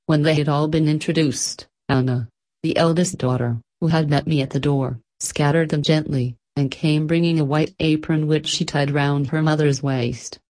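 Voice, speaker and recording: Calm female audiobook narrator with a low voice and measured pacing. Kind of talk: scripted narration.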